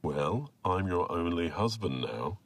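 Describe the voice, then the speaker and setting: Actor as a young husband, romantic lecturer, deep, husky, dry sound. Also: male voice, very animated, slow, full character voice.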